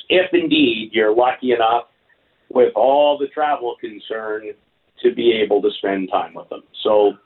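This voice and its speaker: A man speaks slowly over a tinny phone line, weighing each point like a seasoned hockey commentator. His delivery is measured and thoughtful, with the odd restart as he gathers his thoughts. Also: medium pitch. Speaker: hockey color commentator and team insider. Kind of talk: sports radio phone-in analysis.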